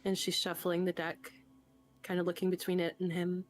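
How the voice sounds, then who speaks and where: A woman's voice: fairly low pitch, monotone, normal speed, soft background music. Playful woman describing her game character. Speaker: tabletop game player.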